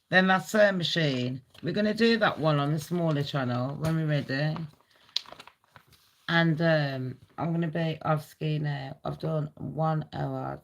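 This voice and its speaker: A woman rambles through a live gossip stream at an unhurried pace. Her voice has a gravelly, fried edge. She is blunt and swears constantly. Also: low-pitched, dull audio, slight background noise.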